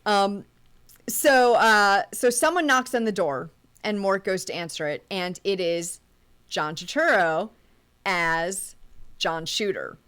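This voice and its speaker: A woman's voice: medium pitch, slow, fairly bright tone, smooth. Chatty woman recapping a film. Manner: chatty, recaps scenes step by step with small laughs. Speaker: podcast co-host. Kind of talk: casual movie recap.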